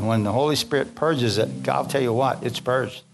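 An older man preaches in a church with fervent, folksy warmth, calling out for amens and hallelujahs. His voice sits in an ordinary middle register. Instrumental music plays clearly behind him. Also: mid-range voice, moderate pace. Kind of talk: sermon.

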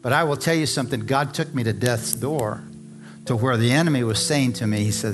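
A man's voice: mid-range voice, a little fast, over music. A man preaching a live sermon to a congregation, fervent and repetitive, often calling out to the crowd for an amen. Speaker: pastor. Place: church service before a congregation.

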